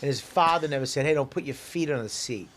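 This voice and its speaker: A man's voice: mid-range voice, fast, fairly bright tone. A married man co-hosting a podcast, blunt and emphatic, swearing as he lays down opinions. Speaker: podcast co-host. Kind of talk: casual chat.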